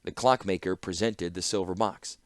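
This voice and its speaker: A man narrating a fantasy audiobook with expressive storytelling. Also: sits low, normal speed, no room sound, studio quality. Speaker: audiobook reader.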